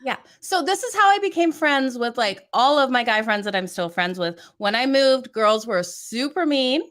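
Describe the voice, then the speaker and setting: A woman's voice: a little high, lively intonation, normal speed, a bit bright. Upbeat chatty woman, Canadian-Australian accent. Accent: Canadian with Australian traces. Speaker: guest sports handicapper. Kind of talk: casual sports betting chat.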